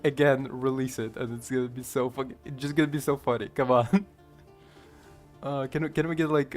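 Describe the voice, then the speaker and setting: A man from Ukraine with a Ukrainian accent, rambling through casual gameplay commentary, chuckling and swearing often. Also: medium pitch. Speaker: gamer streamer.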